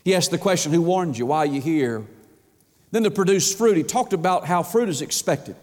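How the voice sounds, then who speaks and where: A man's voice: on the high side, expressive, fairly quick, a little mellow, long reverb tail. A man preaching a sermon, building his points through repeated rhetorical questions. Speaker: pastor. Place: church sanctuary.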